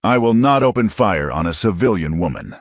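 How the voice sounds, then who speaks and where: A man's voice: deep voice, big pitch swings, moderate pace, no echo, clean studio sound, full character voice. A man voicing a stern, weary frontier marshal who gives clipped commands.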